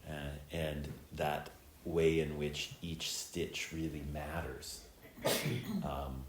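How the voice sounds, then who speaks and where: Here a Zen teacher, a middle-aged man with a very deep voice, gives an unhurried, reflective dharma talk with fairly even intonation and many ums and uhs. The echoey temple hall leaves faint ambience and slight background noise.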